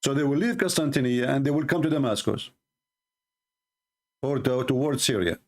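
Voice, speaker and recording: A man with an Arabic accent and Arabic as his first language, hosting a live debate show, arguing emphatically, repeating phrases and slowing down to stress points. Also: medium pitch.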